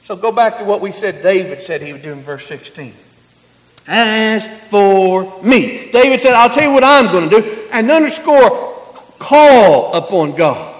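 High-voiced preaching man in an echoey hall. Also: expressive, a little slow. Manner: swings from hushed low tones to loud emphatic preaching. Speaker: pastor. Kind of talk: sermon.

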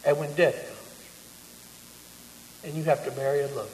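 A man preaching a sermon, swinging from hushed, quiet passages to loud, emphatic declarations. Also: fairly high pitch, flat delivery, normal speed, a little hiss or hum. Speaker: pastor. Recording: echoey hall.

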